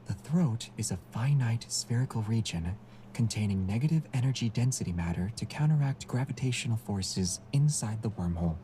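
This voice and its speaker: A man voicing a calm, soft-spoken young man in a game, speaking in a measured tone with careful enunciation. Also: medium pitch, a little hiss or hum, close to an everyday voice. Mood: lecturing. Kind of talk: game character voice-over.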